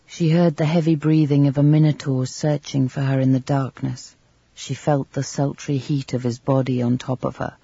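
A man narrating a literary novel in a measured, even storytelling manner, on a slightly dull, dry recording. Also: medium pitch, gravelly, husky, no room sound. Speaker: audiobook narrator.

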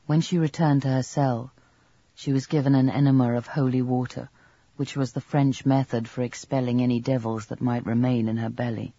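A man reading a novel aloud as an audiobook narrator, in a measured, even storytelling manner. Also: mid-range voice, no room sound, lo-fi sound. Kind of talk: scripted narration.

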